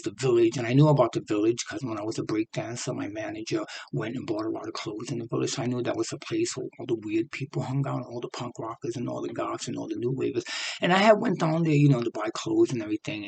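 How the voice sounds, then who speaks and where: A man's voice: medium pitch, breathy edge, low-quality recording. A man, casually telling a rambling personal story and chuckling often as he talks. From New York City. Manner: rambling and animated, laughs often mid-sentence.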